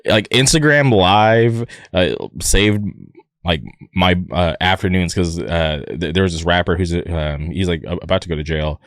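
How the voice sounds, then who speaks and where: A man's voice: low-pitched, measured pace, a bit bright, dry recording, clean studio sound. A man hosting a podcast, rambling through a casual story with many ums and likes. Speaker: podcast host.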